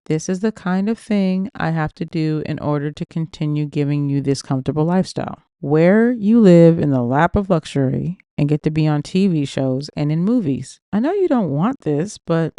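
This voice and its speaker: A woman's voice: low voice, expressive, normal speed, few pauses, mellow, no room sound. A woman voicing a boastful, manipulative rich man in an audiobook reading, in a coaxing, pushy manner.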